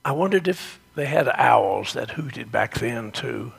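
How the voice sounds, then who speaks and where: A man telling a gentle, reflective devotional story, sometimes dropping into a whisper. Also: mid-range voice, expressive, a little slow, vocal fry, slightly rough.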